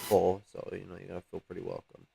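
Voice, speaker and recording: A man talks in a meandering way, full of "like" and "uh," and swears offhandedly. His voice sits fairly low. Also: monotone, fast, creaky, mellow, husky, no echo. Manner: meandering, filler-heavy, swears casually. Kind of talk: casual chat.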